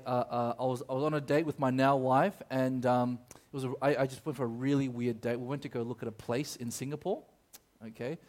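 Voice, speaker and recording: A man preaching a sermon in a conversational way. He often checks in with the audience and tells a personal story with plenty of fillers and restarts. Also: mid-range voice. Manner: many fillers and restarts when telling stories.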